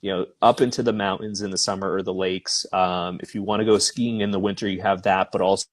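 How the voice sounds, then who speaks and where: Young man, Boston accent, lowish voice, laid-back, lots of ums, interview guest. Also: fairly even intonation, fast. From Boston area, USA. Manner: laid-back, many fillers like "um" and "you know". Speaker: real estate agent, guest. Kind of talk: casual interview conversation.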